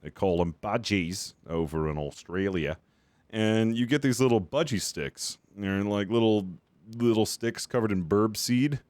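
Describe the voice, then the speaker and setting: A man's voice: lowish voice, unhurried, a little mellow, no echo. A man streaming a game, chatting casually with viewers in a rambling way and swearing freely.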